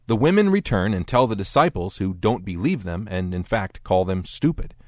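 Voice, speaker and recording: Male lecture narrator, low and expressive, wry delivery, dry close mic. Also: moderate pace, dry recording. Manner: dry, wry explanatory tone with lively quoted voices. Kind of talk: scripted narration.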